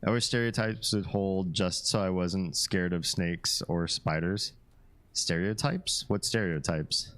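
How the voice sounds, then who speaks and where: A man with a very low, deep voice talks easily with his live-stream audience. He is relaxed and chatty, reads out viewer comments and laughs often as he goes. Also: a little slow, few pauses, clear, resonant tone.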